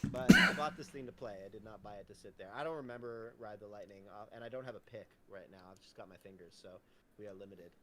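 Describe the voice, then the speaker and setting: A man's voice: lowish voice, fast talker. A man co-hosting a live stream, joking loosely and swearing casually over a voice-call mic. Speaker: podcast co-host and guitarist. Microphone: computer mic over a voice call.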